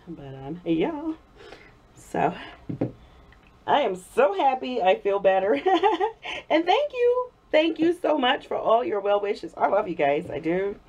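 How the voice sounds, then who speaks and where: A woman vlogger chatting casually while making soap, her voice hoarse from a cold. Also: medium pitch. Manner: chatty, warm thanks to viewers, frequent laughs. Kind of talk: casual chat while crafting. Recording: dull lo-fi recording.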